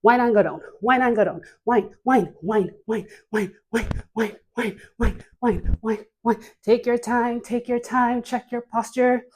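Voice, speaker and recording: A woman leading a dance workout class, cueing moves slowly between sighs and laughs, a bit out of breath. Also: a little high, fairly even intonation, a little mellow. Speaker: dance instructor.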